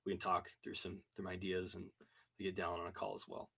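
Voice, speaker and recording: A man's voice: low-pitched, completely flat delivery, brisk, sharp tone, breathy edge. A man co-hosting a casual marketing chat over a video call, rambling with frequent restarts. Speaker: co-host.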